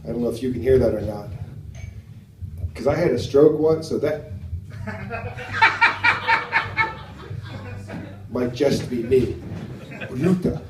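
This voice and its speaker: An American man performing a stand-up comedy set on a club stage, talking in a halting way with many fillers and asides to the crowd. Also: mid-range voice, wildly swooping pitch, noisy background. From United States. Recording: roomy venue sound from a distance.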